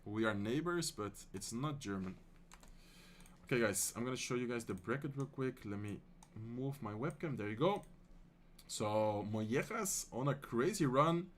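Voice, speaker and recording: A man with a Dutch accent commentates a live esports tournament on his stream. His speaking voice sits in a middling register. He moves from quick, excited play-by-play to easygoing replies to his chat. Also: mid-range voice, a little hiss or hum. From Netherlands. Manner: excited fast play-by-play calls that give way to relaxed, soft chat replies.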